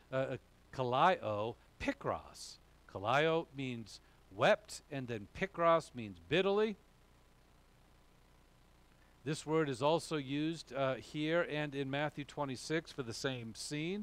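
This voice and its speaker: A male pastor preaching a sermon, repeating key phrases and chuckling as he goes. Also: a little high.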